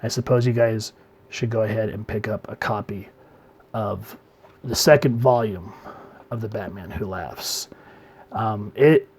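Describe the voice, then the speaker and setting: A man giving a casual comic book review, talking in a relaxed way and letting his phrase ends trail off quietly. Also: lowish voice, a little slow, pauses often, husky.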